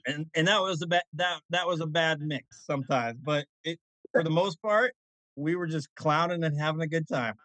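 A man's voice: a little high, normal speed, fairly bright tone, dry recording, rough recording. A man on a podcast, telling rambling stories in casual chat and often restarting his sentences. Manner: rambling, self-correcting storyteller. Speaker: podcast co-host.

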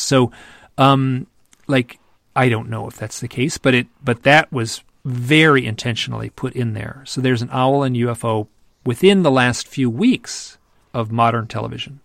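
A man, an author and podcast guest, telling a story in a loose, animated way with many restarts. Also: medium pitch, moderate pace, vocal fry, no echo, clean studio sound. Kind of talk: conversational storytelling.

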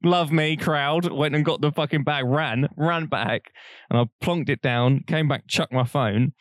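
A man's voice: on the high side, measured pace, no echo, clean studio sound. A young man, co-hosting a podcast and telling a long, rambling story in casual chat, laughing often and swearing freely. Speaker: podcast co-host.

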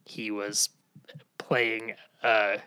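A man's voice: on the low side, little pitch movement, drawn-out words, pushed and bright, smooth, dry recording. A man co-hosting a casual podcast quiz, chatty and full of trivia and asides. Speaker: podcast co-host.

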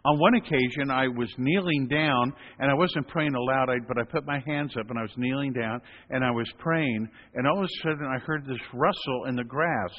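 A man preaching as a priest, telling stories at an unhurried pace with gentle humor. His voice is mid-pitched and carries a long echo from a large hall. The recording sounds dull and lo-fi. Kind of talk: sermon.

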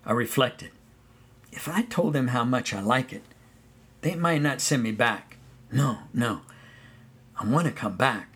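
A man's voice: medium pitch, a little slow, long pauses, breathy edge. Man telling a childhood memoir. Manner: relaxed storytelling, sings song snippets. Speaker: storyteller. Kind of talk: first-person memoir narration.

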